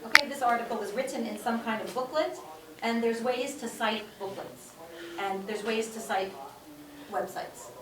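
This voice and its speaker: Woman teacher, higher voice, talks to her class, repeats herself for emphasis, recorded on a distant mic in a roomy classroom. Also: moderate pace, crowd noise. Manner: repeats points for emphasis, checks in with "okay?". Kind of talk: classroom lecture. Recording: echoey room, distant mic, faint room noise.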